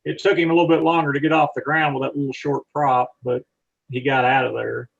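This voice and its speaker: A man's voice: mid-range voice, little pitch movement, a little fast, gravelly, lo-fi sound. A man, an aviator and aircraft mechanic, telling rambling, folksy stories about flying, with frequent restarts. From not from Texas. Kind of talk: anecdotal storytelling talk with slides.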